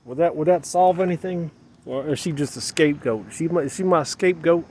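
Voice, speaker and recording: A man's voice: fairly high pitch, fairly quick, darkish tone, a little hiss or hum. A man talking to his camera in a rambling, emotional way, repeating himself as he questions his own feelings, outdoors. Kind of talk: personal vlog monologue.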